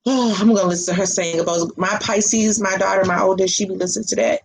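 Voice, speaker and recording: Woman spiritual reader, casual livestream chat, rambling and loose with frequent laughter, medium pitch. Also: fairly even intonation, quick pace, creaky, husky, poor audio. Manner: chatty and rambling, swears casually, laughs often.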